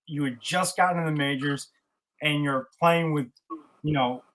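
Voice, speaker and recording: A man's voice: fairly high pitch, fairly even intonation, normal speed, a bit bright, rough recording. A man hosting a casual interview and asking long questions.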